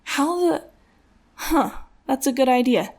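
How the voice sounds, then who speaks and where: A woman's voice: sits high, expressive, takes it slowly, a little mellow, pitched above the performer's own voice, exaggerated voice. A woman voicing a groggy, whiny young man who sounds incredulous, in an audiobook.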